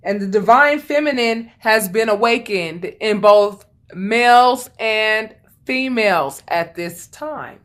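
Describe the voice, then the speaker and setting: A woman's voice: mid-range voice, lively intonation, slow, fairly bright tone. A woman giving a casual tarot reading, talking bluntly and chattily, swearing freely and repeating lines for emphasis. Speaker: tarot reader.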